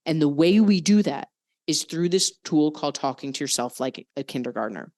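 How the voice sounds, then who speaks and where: A woman's voice: low voice, animated, normal speed, dark tone. A young adult woman hosting a coaching podcast, talking frankly and swearing casually as she explains mindset exercises. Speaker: podcast host and fitness coach.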